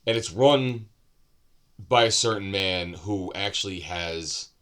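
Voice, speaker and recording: A man's voice: sits low, takes it slowly, fairly bright tone. A man giving a casual, unscripted book review, loose and rambling with asides and self-corrections.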